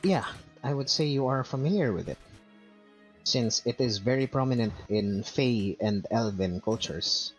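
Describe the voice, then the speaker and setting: A game master narrating a tabletop fantasy game in an unhurried, descriptive way. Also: mid-range voice, lively intonation, soft background music, low-quality recording.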